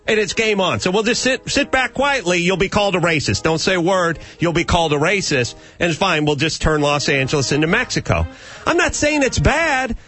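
A man's voice: sits high, bright, forceful tone. A man hosting a talk radio show from a studio, ranting emphatically with sarcastic rhetorical questions. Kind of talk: talk radio banter and rant.

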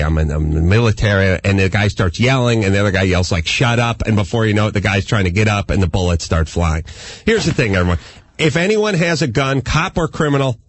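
A man hosting a comedic talk radio show, rambling and animated in his banter. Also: on the low side, no echo. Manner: rambling, animated, slips into mock voices.

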